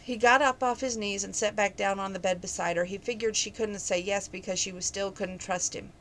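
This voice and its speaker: Woman reading a romance aloud, casual and chatty, mid pitch, faint hiss. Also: fairly even intonation, fairly quick, fairly bright tone. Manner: plain, conversational, chatty asides to listeners. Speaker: book reader.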